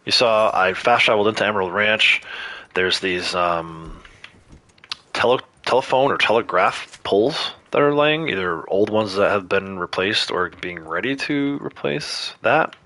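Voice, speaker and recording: A man with a bright, forceful tone and a lowish pitch chats casually through a gameplay livestream. He talks to his viewers as he plays, loose and conversational. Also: lively intonation, measured pace, dry recording. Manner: chatty, talks to viewers while playing.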